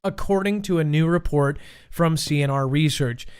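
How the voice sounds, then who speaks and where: A man's voice: fairly high pitch, moderate pace, smooth. A man hosting a comedy call-in news show, stumbling over words, repeating them in silly voices and making joking asides to himself. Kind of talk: goofy read-out news blooper reel.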